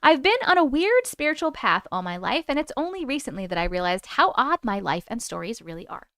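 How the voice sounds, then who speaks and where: A woman's voice: a little high, very animated, brisk, a bit bright, no echo, studio quality. A woman in her forties hosting a livestream, chatting with viewers and reading their stories aloud in a bubbly, casual way. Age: 40s.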